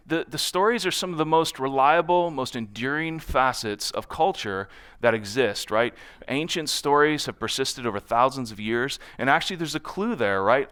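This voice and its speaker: A man's voice: mid-range voice, fairly bright tone, clean tone. A man speaking at a conference in front of an audience, telling anecdotes in a conversational way and often checking in with "right?".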